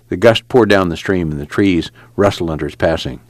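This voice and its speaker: A man reading scripted narration for an audiobook in a calm storytelling manner. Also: low-pitched, a little fast, no echo. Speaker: audiobook reader.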